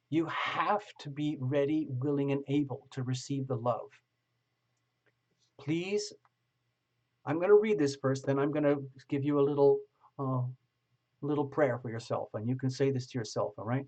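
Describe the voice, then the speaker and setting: Gentle, coaxing man reading tarot. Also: medium pitch. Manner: gentle, coaxing, slows to read aloud. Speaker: tarot reader. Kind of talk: casual online tarot reading. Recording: slightly dull lo-fi audio.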